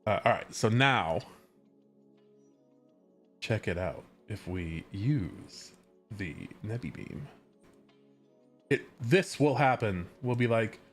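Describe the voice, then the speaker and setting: Faint music sits behind this American man from California, a game developer chatting on a live stream as he works. His lowish voice is expressive and slow, he pauses often, and he rambles with frequent self-corrections.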